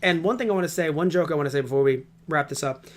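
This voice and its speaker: A man's voice: on the high side, very fast. Ranting, foul-mouthed male podcast host. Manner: rambling, heavy swearing, animated ranting. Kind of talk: casual podcast chat.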